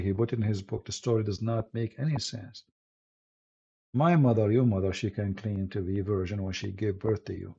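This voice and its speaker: Gravelly man with an Arabic accent. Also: fairly low pitch, dark tone. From Middle East. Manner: emphatic, combative, broken phrasing with restarts. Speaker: apologist hosting a live stream. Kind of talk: live stream monologue. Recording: dull lo-fi stream audio.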